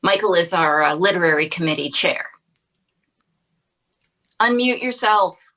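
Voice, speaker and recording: A woman moderates an online event over a video call. Her voice is low yet sharp and bright, and she cuts in briskly with polite apologies. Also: animated.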